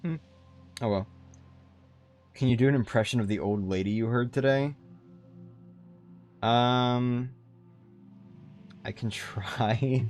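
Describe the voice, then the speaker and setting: A man's voice: medium pitch, fairly even intonation, takes it slowly, pauses often, darkish tone, soft background music. Rambling young man streaming a game. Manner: rambling, loose, swears casually. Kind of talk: casual live-stream commentary.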